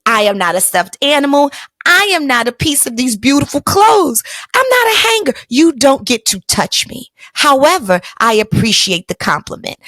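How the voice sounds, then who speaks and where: A woman's voice: high voice, a bit bright, no room sound. A woman hosting a podcast, telling a personal story in an emphatic, colloquial, motivational way. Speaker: podcast host.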